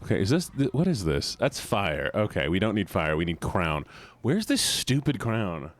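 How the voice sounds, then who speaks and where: A man streaming a game and chatting casually with viewers, animated and self-mocking, thinking aloud as he plays. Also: low-pitched, moderate pace. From United States. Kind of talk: casual gameplay chat with viewers.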